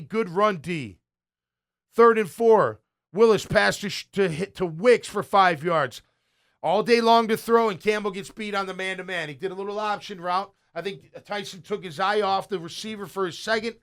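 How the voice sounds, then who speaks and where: A middle-aged man with a fairly high voice talks through game film as a casual play-by-play. He is excitable and blunt, with loud bursts of praise and quiet muttered asides. He sounds like a sports show host chatting. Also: normal speed.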